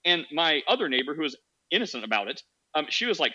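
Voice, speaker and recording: A man hosts a casual podcast, joking and drifting into long, rambling stories. His voice is forceful and bright and sits a bit high for a man. The sound is dry and slightly dull. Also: very animated, quick pace, husky. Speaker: podcast host. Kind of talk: casual chat.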